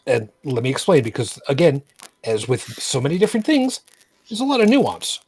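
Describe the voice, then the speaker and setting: Husky, lively male podcast co-host. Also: medium pitch, normal speed, rough recording. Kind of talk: casual political chat.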